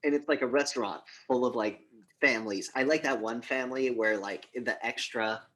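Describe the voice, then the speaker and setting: Man, young adult, podcast co-host, bright tense tone, acts out scenes, swears a lot. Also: medium pitch, moderate pace. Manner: animated retelling, acts out scenes, swears often. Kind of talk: casual movie review chat.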